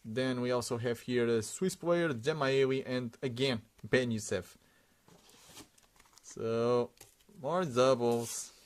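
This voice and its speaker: A man's voice: mid-range voice, slow pace. Casual man narrating a sticker unboxing. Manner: rambling, reads out names one after another with frequent uh fillers.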